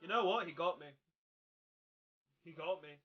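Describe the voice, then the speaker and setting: A young man chatting casually while streaming a card game, rambling and breaking into loud excited outbursts. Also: fairly high pitch, normal speed, muffled recording. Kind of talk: casual live-stream commentary while playing.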